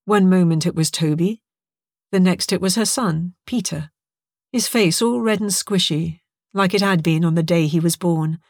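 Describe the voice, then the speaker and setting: A woman reads an audiobook with lively, expressive storytelling. Her voice sits on the low side. It is recorded close in a dead, dry studio booth. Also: moderate pace, no echo. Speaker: narrator. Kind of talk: scripted audiobook narration.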